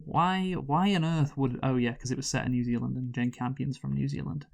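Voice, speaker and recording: A man's voice: mid-range voice, steady tone, a little fast, creaky, darkish tone. A man hosting a casual movie-review podcast, joking and giggling as he rambles through the credits with frequent restarts. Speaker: podcast host. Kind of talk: casual comedic chat.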